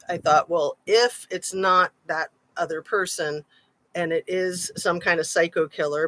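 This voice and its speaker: A woman's voice: lowish voice, a bit bright, rough recording. A woman hosting a casual true-crime livestream, talking through her thoughts in a rambling way and reading out viewer comments. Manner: chatty, rambling, frequent "um" and "like".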